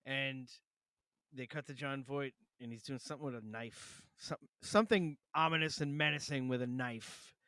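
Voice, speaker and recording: A man's voice: mid-range voice, moderate pace, sharp tone, dry recording, clean studio sound. A man co-hosting a podcast in casual chat, retelling a film's scenes with lots of swearing and laughter. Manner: swears freely, laughs often, mocks movie lines. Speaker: podcast co-host.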